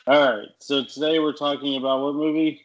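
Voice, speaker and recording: A man's voice: a little high, fairly even intonation, moderate pace, muffled recording. A man co-hosting a podcast, wry and teasing in casual chat. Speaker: podcast co-host.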